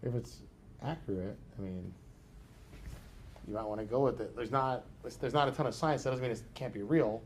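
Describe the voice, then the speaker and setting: A man's voice: medium pitch, normal speed, a little hiss or hum. A man teaching a psychology class, talking loosely and conversationally and hedging with frequent fillers. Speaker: psychology instructor. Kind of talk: casual classroom discussion.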